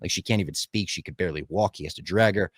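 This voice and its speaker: A man's voice: deep voice, fast talker, no room sound, studio quality. A man in casual podcast chat, talking with enthusiasm, swearing freely and acting out lines he quotes. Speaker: podcast co-host.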